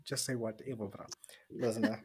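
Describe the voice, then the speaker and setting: A man's voice: lowish voice, flat delivery, fairly quick, darkish tone, husky. A man hosting a podcast, laid-back and teasing, slangy in casual chat. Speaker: podcast host.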